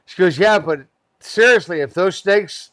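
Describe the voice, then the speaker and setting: A man's voice: high voice, a little slow, a bit bright, no room sound. A man telling a funny customer story in a casual podcast chat, acting out the quoted voices and laughing often. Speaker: guest, pest control worker.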